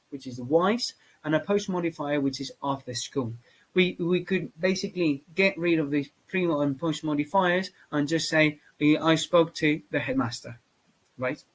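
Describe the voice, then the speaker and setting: A man's voice: fairly high pitch, poor audio. Hesitant man teaching English grammar. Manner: hesitant, many fillers and restarts. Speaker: English teacher for exam candidates. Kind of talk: spoken grammar lesson.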